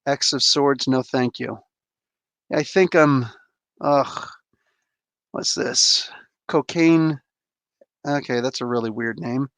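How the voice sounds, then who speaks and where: A man's voice: mid-range voice, slow pace, long pauses, fairly bright tone, no echo. A man hosting a live comic book review, ranting in an exasperated, blunt way, swearing casually and calling out viewers in chat. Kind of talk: heated live review rant.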